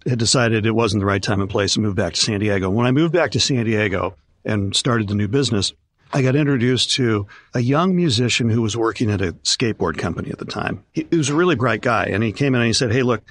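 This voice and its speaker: An older concert promoter tells stories in an interview, acting out the voices of the people he quotes. He talks fast in a fairly low voice, with no room sound on the recording.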